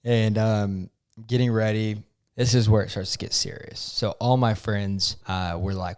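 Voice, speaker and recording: A man's voice: fairly low pitch, fairly even intonation, moderate pace, clean tone. A young man co-hosting a podcast, telling a story earnestly and emotionally, with many fillers and restarts. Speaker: podcast co-host. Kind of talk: casual chat.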